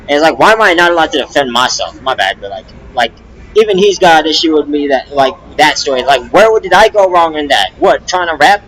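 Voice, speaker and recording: A young man with a fairly high voice vents on a casual stream. He rambles in agitated bursts, restarting sentences and swearing often. His pitch sits a little above most men's. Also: animated, a little fast, a bit bright, low-quality recording. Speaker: rapper and streamer. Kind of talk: casual live-stream venting.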